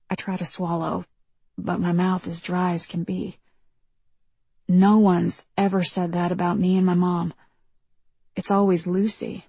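An audiobook narrator tells a first-person novel in a measured, reflective way. Her low voice is warm, husky and breathy, with little pitch movement, and the close studio recording is dry, with no room echo.

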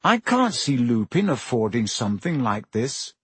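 A man voicing a quiet, subdued teenage boy wizard in a read-aloud story. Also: mid-range voice, big pitch swings, moderate pace, slightly rough, no room sound, heavily acted.

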